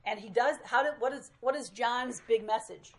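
In a meeting room, a female Bible study teacher with a higher voice addresses a small group at a moderate pace. Her teaching is casual and chatty, full of self-deprecating stories, though the audio quality is poor.

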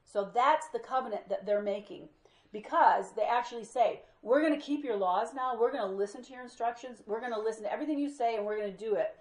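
A woman's voice: fairly high pitch, quick pace, echoey room. A woman teaching a group Bible study, telling stories with energy and acting out what people said. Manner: lively storyteller who acts out quoted speech.

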